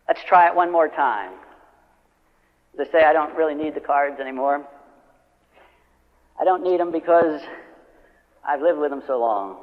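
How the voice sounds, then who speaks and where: High-voiced man giving a motivational speech. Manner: storytelling, acting out quoted customers and friends. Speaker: motivational speaker. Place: large hall with a live audience. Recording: old lo-fi record of a speech in a reverberant hall.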